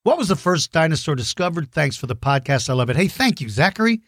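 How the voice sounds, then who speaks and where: A man's voice: on the high side, big pitch swings, fast, no room sound, clean studio sound. A man hosting a podcast, answering children's questions in a friendly, enthusiastic way with plenty of ums and restarts. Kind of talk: casual chat to young listeners.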